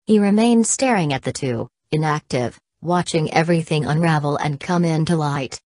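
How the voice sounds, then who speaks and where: A woman's voice: low-pitched, normal speed, a little mellow, no echo, clean studio sound. A woman narrating an audiobook, reading every punctuation mark aloud. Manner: reads punctuation marks aloud.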